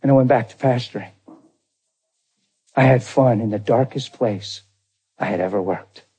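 A man's voice: mid-range voice, moderate pace, warm tone, husky. A man pastor preaching a storytelling sermon in a folksy, conversational way, talking straight to his congregation.

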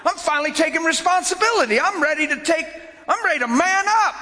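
A man preaching a sermon and telling a personal story, swinging from loud outbursts to near whispers. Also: extremely high pitch, lively intonation, quick pace, in a large hall.

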